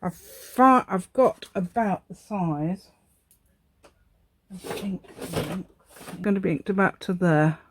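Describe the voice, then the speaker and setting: Taking her time, with long pauses and a breathy edge, a woman speaks in a voice on the low side. She hosts a casual crafting tutorial, chatting and rambling while she works, self-deprecating and quick to laugh.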